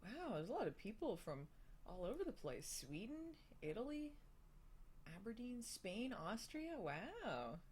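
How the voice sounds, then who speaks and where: A woman's voice: a little high, big pitch swings, measured pace, darkish tone, slight background noise. A young adult woman hosting a casual live stream, answering viewer questions with frequent laughs, fillers and restarts. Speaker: host of a live hangout.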